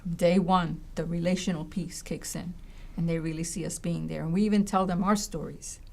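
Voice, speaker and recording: A woman's voice: fairly low pitch, a little fast, gravelly. A woman college educator telling a story in conversation, acting out voices and often checking in with "right?" and "you know.". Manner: animated, acts out voices in her stories.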